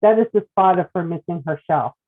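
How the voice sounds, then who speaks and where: A woman in her forties, a children's book author, talking earnestly and warmly about her story in a casual group chat. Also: fairly low pitch, brisk. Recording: phone-like narrow sound.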